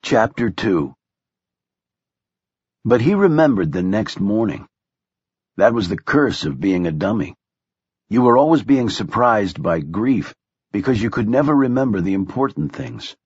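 A man narrating an audiobook in measured, even storytelling, close to the mic. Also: lowish voice, husky, no echo, muffled recording. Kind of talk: scripted narration.

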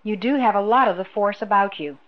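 A woman's voice: medium pitch, fairly quick, natural voice. Earnest young man, read by a woman; firm, direct delivery; dull recording.

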